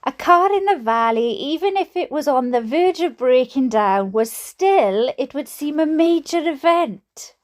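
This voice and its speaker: Welsh lady reading a story out loud, slow and unhurried, keeps giggling and chatting between bits. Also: sits high, animated. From Wales. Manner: giggly, often breaks into laughter. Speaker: reader and streamer. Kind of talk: reading a book aloud with chatty asides.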